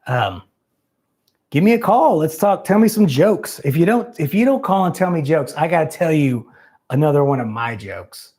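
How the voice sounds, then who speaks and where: A man's voice: a little high, expressive, moderate pace, darkish tone. A man hosting a live call-in show, chatting loosely and profanely, rambling and poking fun at himself. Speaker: host.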